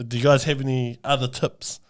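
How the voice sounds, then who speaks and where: A man's voice: medium pitch, little pitch movement, fairly quick, smooth. A man with a New Zealand accent co-hosting a comedic podcast, brash and laddish, tossing "mate" into nearly every phrase. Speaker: podcast co-host.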